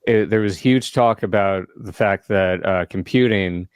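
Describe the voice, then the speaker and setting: A man's voice: low-pitched, measured pace, clean tone, no room sound. A man co-hosting a casual podcast from a studio, rambling and laughing often. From South Africa. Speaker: podcast co-host. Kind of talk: casual chat.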